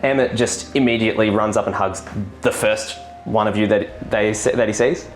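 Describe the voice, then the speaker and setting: Low-voiced man running a tabletop game. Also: steady tone, normal speed, soft background music. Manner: loose, rambling, lots of ums. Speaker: game master.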